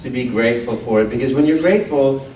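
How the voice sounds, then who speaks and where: A man in his fifties speaking on a convention panel, animated, breaking into loud cartoon voices and then turning earnest and heartfelt. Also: medium pitch, fast talker, slight background noise. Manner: earnest and heartfelt when reflecting. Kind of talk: animated panel talk to an audience. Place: large convention hall. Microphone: handheld phone in the audience. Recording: phone recording from far off in an echoey hall.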